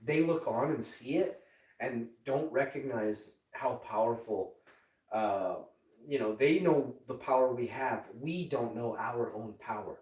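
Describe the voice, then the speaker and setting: A man's voice: medium pitch, unhurried, a little mellow, reverberant, far from the mic, poor audio. A man in his forties streaming live and chatting with an AI assistant in a profane, rambling, mocking way. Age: 40s. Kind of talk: casual chat with an AI assistant.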